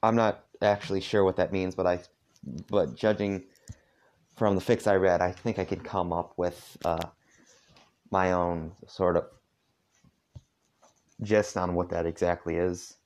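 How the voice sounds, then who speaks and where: A tired man casually reading a story aloud at home, halting often with asides. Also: low voice, little pitch movement, darkish tone. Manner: halting, with frequent asides and filler. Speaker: fanfiction reader. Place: dark room at home.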